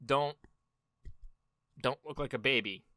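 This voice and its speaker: A man's voice: medium pitch, takes it slowly, sharp tone, no echo. A man giving casual, profane reaction commentary on a video, with sarcastic asides.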